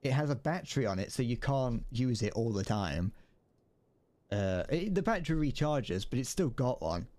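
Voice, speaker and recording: A man's voice: medium pitch, expressive, normal speed, darkish tone. Rambling young male game streamer. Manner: rambling, joking, often laughing at himself. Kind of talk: casual gameplay commentary. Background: gunfire and explosions from the game.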